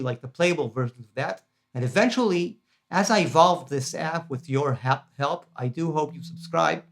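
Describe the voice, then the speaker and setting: A man teaching guitar harmony in a casual, chatty lesson, enthusiastic and full of fillers and restarts. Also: a little high. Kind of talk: casual lesson demonstrating a practice app.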